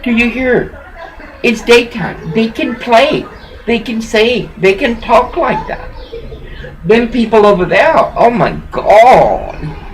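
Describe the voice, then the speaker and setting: A woman's voice: on the high side, animated, slow, slight background noise, low-quality recording. A woman recording a rambling personal monologue at home on her laptop, preachy and emotional, swinging between laughter and bitterness. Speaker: vlogger. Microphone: laptop webcam.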